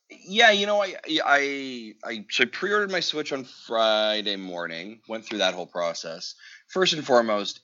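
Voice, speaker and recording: Male podcast co-host, animated storyteller, lo-fi recording. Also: lowish voice. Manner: animated storyteller, acts out quoted exchanges. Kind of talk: casual podcast chat. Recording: dull lo-fi audio.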